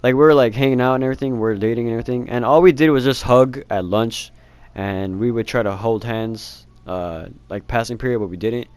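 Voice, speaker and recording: A man's voice: mid-range voice, brisk, a little mellow, clear, resonant tone, dry recording. A teenage boy telling a rambling storytime, laughing and swearing casually. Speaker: vlogger.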